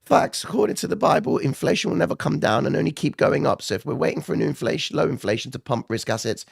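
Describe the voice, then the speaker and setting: A man talks through markets on a live stream in a loose, chatty way and keeps checking in with his viewers. His voice sits in a middle pitch with a gravelly rasp that he admits is not his normal sound. The sound is dry and close. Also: lively intonation, fast talker, no echo. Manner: chatty, addresses viewers directly, frequent "okay?" and "right?". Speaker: livestream market commentator. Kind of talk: casual live market commentary.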